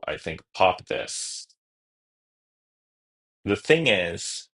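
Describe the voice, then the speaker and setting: Low-voiced man thinking aloud over a card game. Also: fairly bright tone, poor audio. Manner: thinks aloud through each move, casual, trailing restarts. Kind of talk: live-stream gameplay commentary.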